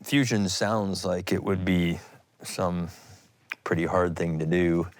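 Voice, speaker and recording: A man's voice: low voice, slow, no room sound. A middle-aged man hosting an energy show, narrating from a script and then chatting curiously with guests. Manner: lively, curious, laughs easily. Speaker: host, energy scientist. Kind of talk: scripted narration and casual interview chat.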